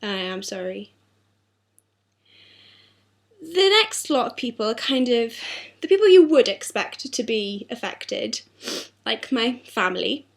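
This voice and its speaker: A woman's voice: a little high, a little slow, creaky. A young woman talking earnestly and apologetically in a personal video diary, her throat sore. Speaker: vlogger.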